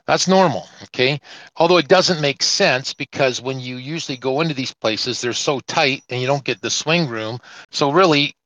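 A man's voice: mid-range voice, normal speed, a bit bright, no room sound, low-quality recording. A trucker man co-hosting a casual podcast, spinning a long story and acting out each quoted exchange. His voice is close to the mic and dry. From Canada. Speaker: truck driver and podcast host.

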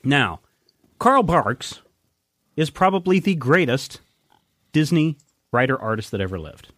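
A man hosting a podcast, enthusiastic and rambling, with a lively, swinging pitch. His voice is medium in pitch and sounds dry and close. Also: measured pace, no room sound. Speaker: podcast host. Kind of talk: casual podcast chat.

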